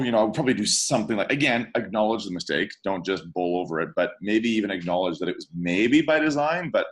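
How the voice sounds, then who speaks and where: A man co-hosting a casual podcast chat as a DJ, thinking aloud in an animated, reflective way. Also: fairly low pitch, fast talker, hardly any pauses. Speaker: DJ, podcast co-host.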